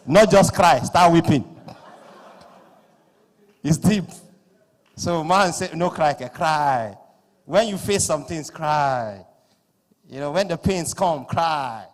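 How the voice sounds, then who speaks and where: A man with a Nigerian accent acting as master of ceremonies at a live conference, loud and playful, slipping into pidgin asides. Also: a little high, a little slow, pauses often. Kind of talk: live event hosting. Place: large conference hall. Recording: echoing hall through PA.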